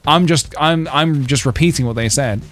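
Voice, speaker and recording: A man's voice: a little high, moderate pace, fairly bright tone. A man chatting casually on a game stream, rambling through jokes and reading chat messages aloud.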